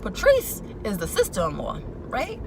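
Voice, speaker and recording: Speaking at a moderate pace in a mid-range voice, a young vlogger offers a colloquial, opinionated rundown of a reality show episode. She comes across as sassy and animated, while vehicles can be heard in the clear background noise.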